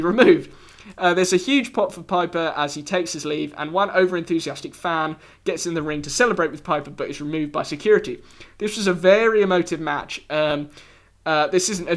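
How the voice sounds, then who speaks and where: A man's voice: on the high side, fairly bright tone. A man hosting a solo review podcast, talking casually with many fillers, restarts and wry asides. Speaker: podcast host reviewing wrestling.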